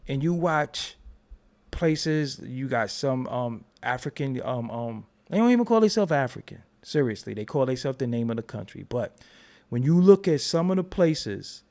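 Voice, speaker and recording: An American man hosting a commentary channel, talking in an animated, emphatic and profane unscripted rant. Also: mid-range voice, normal speed. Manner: animated, emphatic, profane, talks over repeated restarts.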